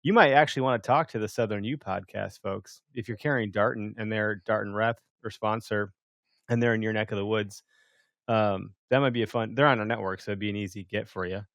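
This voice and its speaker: A man's voice: lowish voice, fairly even intonation, a little fast, gravelly, a bit bright, no echo, studio quality. A man hosting a podcast, talking casually in rambling, restarting sentences with casual swearing. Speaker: podcast host. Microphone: studio mic, call software.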